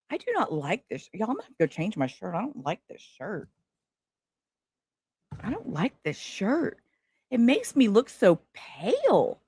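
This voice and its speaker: A woman hosts her livestream in a loose, rambling way, jumping between thoughts and swearing casually. Her pitch swings widely as she talks. The sound is dry and close. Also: no echo. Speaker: livestream host.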